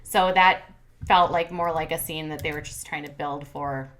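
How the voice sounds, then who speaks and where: Bright-voiced woman recapping reality TV. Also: deep voice, fairly even intonation, moderate pace, slight background noise. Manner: chatty, lots of fillers and retold quotes. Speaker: commentary channel host. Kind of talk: casual recap commentary.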